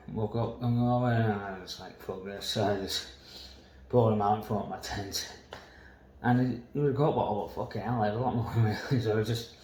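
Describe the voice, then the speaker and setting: A man's voice: on the low side, darkish tone, roomy sound, slight background noise, poor audio. A man telling a long personal story in a waffling, casual monologue, swearing often and laughing between lines. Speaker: vlogger.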